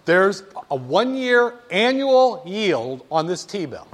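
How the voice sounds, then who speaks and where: Man, lecturer, classroom talk, playful, teasing, high-pitched. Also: big pitch swings, slow. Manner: playful, teasing, talks straight to students.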